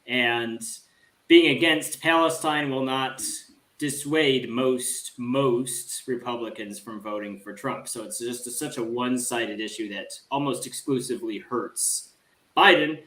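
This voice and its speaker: A man's voice: mid-range voice, a little slow, bright, forceful tone, echoey room. A man appearing as a guest on a political discussion podcast, speaking in a sardonic, dismissive way.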